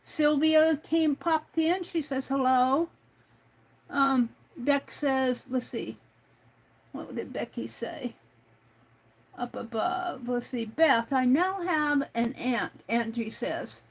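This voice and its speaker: A woman's voice: high voice, slow pace, poor audio. A woman hosting a crafting livestream in casual chat, thinking aloud and reading out chat messages as she works.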